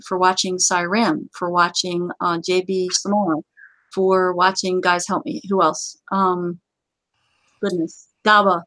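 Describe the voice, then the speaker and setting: A woman's voice: medium pitch, a bit bright, no room sound, low-quality recording. A woman hosting a casual live-stream chat, talkative, laughing easily and turning stern when she warns her viewers. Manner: chatty, laughs often, stern warnings. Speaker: livestream show host.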